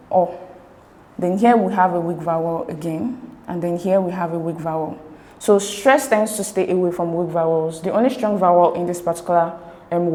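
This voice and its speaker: A woman tutor explaining exam answers step by step, slowly breaking words into syllables. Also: on the low side, dark tone. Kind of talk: explanatory lesson walking through exam answers.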